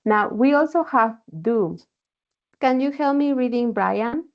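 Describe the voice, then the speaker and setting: A woman's voice: a little high, unhurried. A woman teaching an online English class, explaining patiently and checking in often with "okay?". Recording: dull lo-fi call audio.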